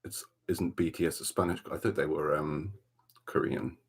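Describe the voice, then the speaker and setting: A man with a Welsh accent hosting a relaxed ASMR livestream from a dark room at home, chatting softly and greeting viewers by name. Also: rumbling low, normal speed, breathy edge. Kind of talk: soft-spoken ASMR chat.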